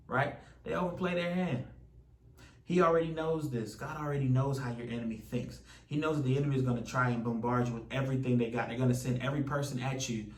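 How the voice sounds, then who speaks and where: A man preaching an animated sermon as a lively story told through a sports play. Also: medium pitch, fast talker, far from the mic. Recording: echoey room, voice from off mic.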